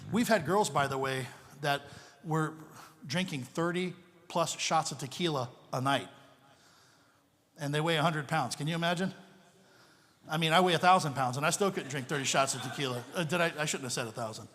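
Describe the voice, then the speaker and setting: Man, missionary pastor, storytelling sermon, animated and jokey, slightly high voice, long church-hall echo. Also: fairly quick. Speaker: missionary pastor, guest speaker. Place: church sanctuary.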